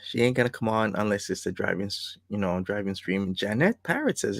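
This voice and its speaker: A man's voice: on the low side, expressive, brisk, gravelly, few pauses, no echo, studio quality. A man hosting a casual livestream, reading out messages and commenting on them with sarcasm and laughter. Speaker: livestream host.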